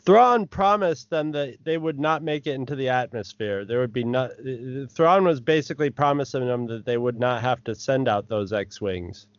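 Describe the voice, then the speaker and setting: A man's voice: mid-range voice, moderate pace, hardly any pauses, no echo. A man co-hosting a casual podcast chat, joking and sarcastic in tone. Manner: sarcastic, mocking impressions. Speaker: podcast co-host. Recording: dry, lo-fi audio.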